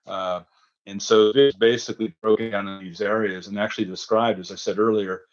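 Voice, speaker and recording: A man's voice: on the low side, fairly even intonation, a little fast, dull audio. A man answering as a consultant guest, explaining a process methodically with frequent ums.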